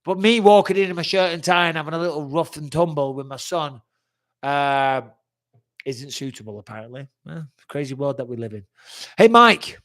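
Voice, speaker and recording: A man's voice: a little high, normal speed, a bit bright. A man in his forties hosting a live fan chat, reading out fan questions and answering in a blunt, chatty way, swearing freely and sounding like he's getting over a cold. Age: 40s. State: recovering from a cold-like illness.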